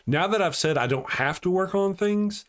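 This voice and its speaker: A man hosting a casual live morning show, reading out his chat and rambling between loud mocking rants and quiet, heartfelt thanks. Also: sits high, animated, normal speed.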